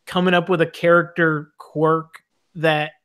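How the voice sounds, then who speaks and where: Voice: medium pitch, flat delivery, a little slow, a bit bright. A podcast co-host chatting casually in a movie review, rambling with many restarts.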